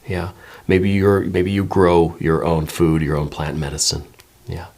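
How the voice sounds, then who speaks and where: Low-voiced man giving a gentle tarot reading. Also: level tone, a little slow. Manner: musing and meandering, many hedges and repeated "right?". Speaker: tarot reader. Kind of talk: intuitive tarot reading to viewers.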